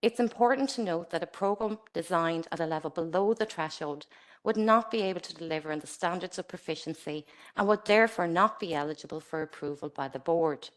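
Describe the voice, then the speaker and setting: Measured woman reading a formal presentation. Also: lowish voice. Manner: measured, formal, reads from a script. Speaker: presenter for a regulator. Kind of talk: scripted webinar presentation.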